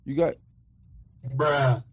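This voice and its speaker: A man banters loosely as a podcast host, tossing out jokes and crude asides. His voice sits at an ordinary pitch and sounds close and dry, with barely any room around it. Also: fairly even intonation, husky, no echo. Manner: joking, swearing, quick asides.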